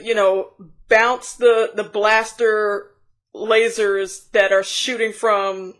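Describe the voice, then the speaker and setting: A woman's voice: medium pitch, a bit bright. A woman reviewer giving a casual, rambling scene-by-scene recap, chatty with frequent restarts and giggles. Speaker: show reviewer.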